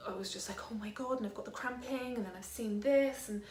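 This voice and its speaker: A woman's voice: fairly high pitch, quick pace, darkish tone. A young British woman vlogging in casual chat at home, rambling and hesitant, with many ums. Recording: echoey room.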